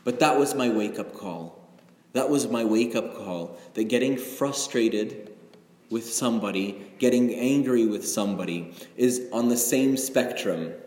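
A man's voice: mid-range voice, unhurried, a little mellow. A middle-aged male pastor preaching a sermon in a conversational, confessional way, often checking in with "right?". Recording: echoey hall with long reverb.

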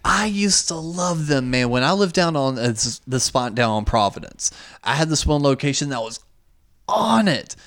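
Animated, swearing male podcast host. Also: fairly high pitch, normal speed. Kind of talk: casual chat.

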